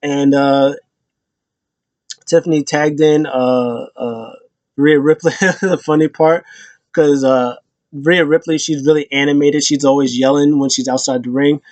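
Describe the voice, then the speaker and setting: A man gives a casual, rambling wrestling recap full of fillers and restarts, switching to loud high-pitched voices to quote people. Otherwise his intonation is fairly even and his pace unhurried, with no room sound.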